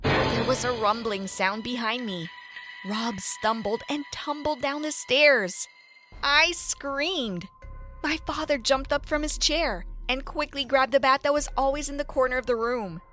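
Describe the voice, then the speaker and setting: A young woman tells a first-person story with lively, expressive delivery. Her voice is bright and a little high. Quiet music plays beneath the narration. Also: measured pace.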